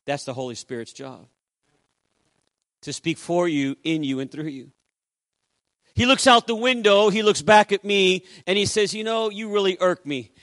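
A man's voice: sits high, measured pace, long pauses, fairly bright tone, no room sound, studio quality. A male pastor preaching a sermon, telling a story and acting out the dialogue in changing voices. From Puerto Rico. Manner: acts out dialogue with shifting voices.

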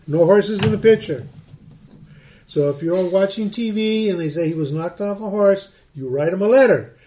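A man's voice: high-pitched, moderate pace, mellow. A man, a middle-aged pastor, reading Bible verses and explaining them in a conversational teaching style, often repeating words as he thinks.

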